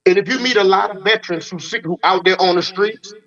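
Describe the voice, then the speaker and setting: A man's voice: high voice, fast talker, fairly bright tone, highs cut off. A middle-aged man hosting a casual podcast chat, talking bluntly with plenty of cursing and acting out the back-and-forth of conversations. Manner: blunt, profane, acts out quoted exchanges. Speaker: host.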